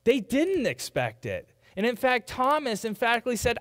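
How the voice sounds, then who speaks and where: A man's voice: very high-pitched, huge pitch swings, moderate pace, few pauses, a bit bright, in a large hall. A man preaching a sermon as pastor, in a conversational way, sometimes mimicking doubters. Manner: conversational, quoting skeptics in mock voices. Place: church sanctuary.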